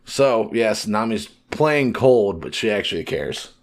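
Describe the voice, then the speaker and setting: Man animatedly recapping a story. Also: lowish voice. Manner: animated recap acting out characters' lines in quick paraphrase. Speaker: podcast co-host. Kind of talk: casual podcast chat.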